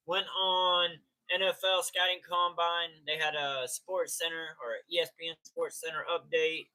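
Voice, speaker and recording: A man hosts a loose, casual live stream and keeps greeting his chat by name. His voice sits a little high and sounds bright and forceful. He talks in easy slang.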